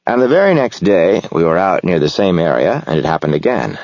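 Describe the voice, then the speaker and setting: A man narrating a novel in the first person, reflective and measured. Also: low-pitched, animated, darkish tone, no echo, highs cut off. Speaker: audiobook narrator.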